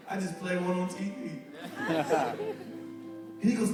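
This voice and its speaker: A middle-aged male pastor preaching a sermon, animated and joking with the congregation as he tells stories. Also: high voice, moderate pace, pauses often. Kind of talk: sermon with storytelling. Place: church sanctuary. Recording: echoey hall, distant mic, music behind.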